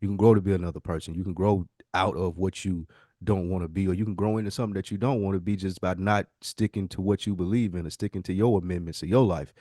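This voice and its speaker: A man's voice: sits low, steady tone, fast talker, mellow, no room sound, studio quality. A man co-hosting a podcast, giving an earnest, reflective answer built on repeated phrases. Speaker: podcast co-host. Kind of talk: casual podcast talk.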